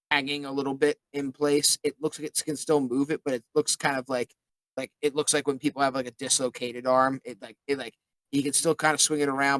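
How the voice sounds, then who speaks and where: A man's voice: mid-range voice, fairly bright tone, dry recording, poor audio. A man running a tabletop game as its game master. He narrates scenes casually, with plenty of filler words, and the recording is dry and close.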